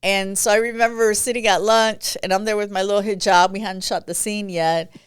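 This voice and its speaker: A woman's voice: mid-range voice, a little fast, clear, resonant tone, no room sound, clean studio sound. A woman from Puerto Rico, a guest actress and comedian, telling stories in a casual interview, acting out quotes and laughing often. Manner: animated storytelling, acts out quotes, laughs often.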